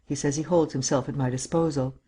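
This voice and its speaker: A man's voice: fairly high pitch, fairly even intonation, a little fast, dark tone, breathy edge. Male reader as a clipped, businesslike manservant. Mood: brisk.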